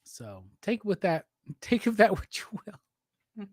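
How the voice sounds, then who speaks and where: A man's voice: high voice, very animated, slow pace, dry recording, studio quality. A man hosting a casual livestream chat, drunk, profane and teasing as he rambles. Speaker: livestream host.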